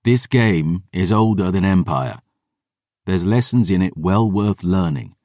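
A man's voice: deep voice, measured pace, a little mellow, no echo, clean studio sound. A man voicing a weary, hard-drinking veteran warrior who talks bluntly and swears. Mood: wry. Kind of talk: audiobook character voice.

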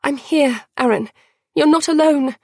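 A woman's voice: mid-range voice, normal speed, gravelly, a little mellow, breathy edge, no room sound, clean studio sound. A woman voicing a young woman prisoner who talks urgently and protectively to a friend. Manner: urgent, pleading.

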